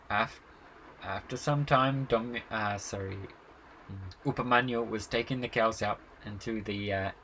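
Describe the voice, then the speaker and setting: A man telling a devotional story in a relaxed way, with frequent fillers and soft chuckles. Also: mid-range voice, a little hiss or hum, poor audio.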